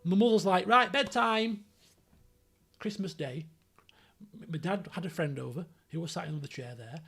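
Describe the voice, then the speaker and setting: A man in his thirties tells rambling anecdotes on a live stream and acts out the people in them. His voice sits high for a man, with a gravelly, husky edge. Faint music plays behind him. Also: a little fast. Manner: animated, rambling anecdotes with acted-out quotes. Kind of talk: casual storytelling on a live stream.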